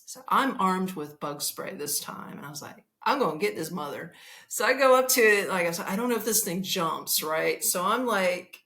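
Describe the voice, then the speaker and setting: A woman hosting a podcast, telling a comic travel story in an animated, profane way and laughing as she goes. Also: medium pitch, normal speed, few pauses. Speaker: podcast host.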